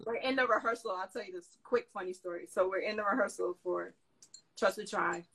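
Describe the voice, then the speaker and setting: A woman telling a lively story in a casual interview, excitable and full of slangy asides. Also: mid-range voice, a little fast, breathy edge, rough recording. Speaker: guest dancer and choreographer.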